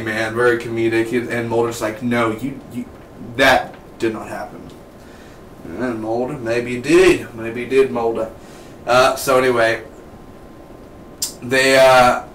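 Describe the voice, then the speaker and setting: A man giving a casual spoken TV episode review, rambling and excitable and drifting into tangents. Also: medium pitch. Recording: roomy, distant mic, faint background noise.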